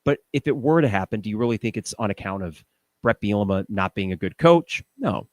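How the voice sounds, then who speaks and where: A man's voice: on the low side, lively intonation, fairly quick, no room sound. A man hosting a fan podcast, giving opinionated, casual commentary and thinking aloud with rhetorical questions. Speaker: podcast host.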